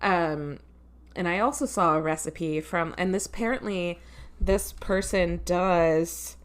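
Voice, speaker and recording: A woman's voice: fairly low pitch, slow. A woman co-hosting a podcast in casual chat, rambling and laughing often, often trailing off mid-sentence. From Ohio, USA. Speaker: podcast co-host.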